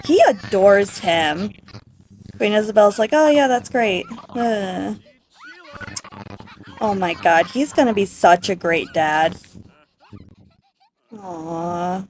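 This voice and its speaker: A woman giving casual, excitable commentary over a life-sim game, gushing and giggly. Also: medium pitch, takes it slowly, long pauses, slight background noise, poor audio. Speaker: gaming creator.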